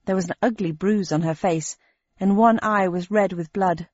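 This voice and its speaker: Woman audiobook narrator, measured and wry, mid-pitched voice, dry, dull recording. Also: steady tone, a little mellow, no room sound. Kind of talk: scripted narration.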